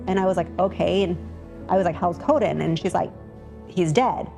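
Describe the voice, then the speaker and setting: A woman's voice: on the low side, moderate pace, vocal fry, mellow, soft background music. A woman in a documentary interview, retelling events and acting out what people said. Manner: retells events with quoted dialogue.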